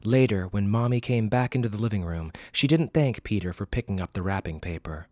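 A man hosting a podcast and reading a story aloud with expressive, wry delivery. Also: lowish voice, a little fast, no room sound, clean studio sound. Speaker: podcast host and narrator. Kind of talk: storybook narration.

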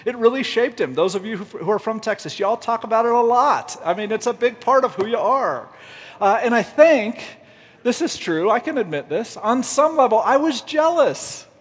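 A man's voice: very high voice, lively intonation, moderate pace, breathy edge, in a large hall. A man preaching a humorous, self-deprecating storytelling sermon, laughing often as he goes. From United States. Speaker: pastor.

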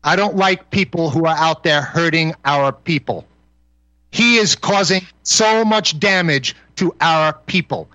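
A man's voice: on the high side, unhurried, pushed and bright, no room sound, highs cut off. A man arguing on a call-in radio show as a guest, confrontational and profane, hammering the same insults over and over. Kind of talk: heated call-in radio argument.

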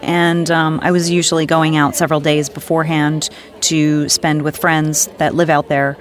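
A woman's voice: low voice, flat delivery, moderate pace. An American woman, a voice actor, chatting casually on a podcast panel and laughing easily. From United States.

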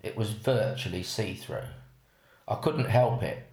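A man, reading a first-person story aloud in an unhurried way. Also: on the low side, animated, darkish tone. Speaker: narrator. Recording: roomy echo.

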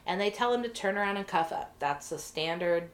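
A woman guest on a podcast, telling a work story in a casual, lively way, swearing freely and acting out what people said. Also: mid-range voice, fairly quick. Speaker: podcast guest, corrections treatment provider.

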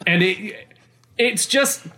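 A man chatting casually about a video game, excitable and rambling, with many restarts and laughs mid-sentence. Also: high-pitched, slow pace, slight background noise. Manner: casual swearing.

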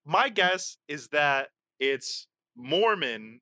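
Co-host, male, lively bright voice, dry close mic, swears freely. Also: on the high side, fairly quick, no echo. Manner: animated, swears, reads clues aloud. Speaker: podcast co-host. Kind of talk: casual quiz chat.

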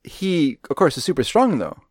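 A man's voice: on the high side, wildly swooping pitch, normal speed, no room sound. Rambling male podcast co-host, dry sound. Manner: rambling, with many restarts. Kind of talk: casual movie chat.

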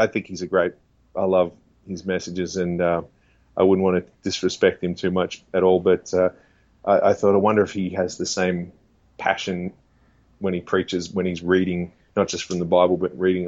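Impressionist guest, man, lowish voice, casual and chatty, muffled lo-fi track. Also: flat delivery, a little mellow, no room sound. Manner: breaks into quick celebrity and preacher impressions, laughs often. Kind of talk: casual interview chat with impressions. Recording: dull lo-fi sound.

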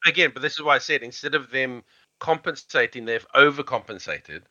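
Animated rambling man with a bright voice. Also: medium pitch, a little fast, no echo, muffled recording. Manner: rambling, animated, many fillers. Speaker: podcast co-host. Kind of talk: casual chat.

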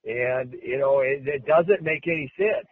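An American wrestling coach answers questions at a press interview in an unhurried, medium-pitched, slightly rough voice with no echo. He's emphatic and repetitive, restarting often, and the sound is tinny like a phone.

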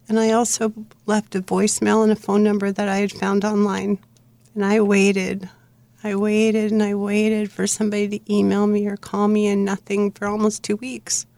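A middle-aged woman, an author guest on an interview show, earnestly recounting her own life story in plain, steady narration. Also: medium pitch, gravelly, dry recording.

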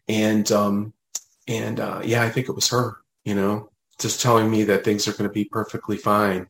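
A man, a medium, telling a personal story in casual conversation, animated and full of fillers, acting out what others said. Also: fairly low pitch, reverberant, poor audio. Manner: animated, retells dialogue, many fillers. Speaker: medium, podcast guest.

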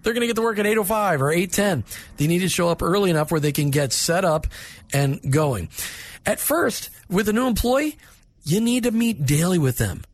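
A man's voice: sits high, animated, normal speed. A man giving a direct, plainspoken talk with practical management advice, in an instructive, conversational way.

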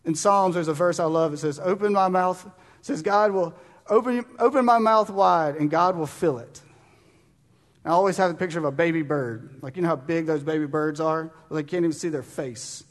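A man preaching a sermon, urging and fervent, swinging from quiet, slowed scripture readings to loud shouted bursts. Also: a little high. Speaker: pastor. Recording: long reverb of a large room.

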